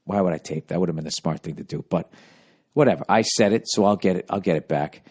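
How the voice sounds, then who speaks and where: A man's voice: sits low, fast, a little mellow. A man hosting his podcast, rambling through a profane, self-mocking monologue in casual chat. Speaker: podcast host.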